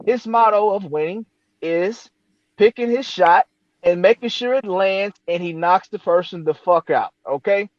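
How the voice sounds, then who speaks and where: A man's voice: high-pitched, unhurried, dry recording, lo-fi sound. A man in a heated casual debate on boxing, cutting in often, swearing and repeating himself to take the floor. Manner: cuts in, swears, repeats "hold up". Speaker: debate panelist.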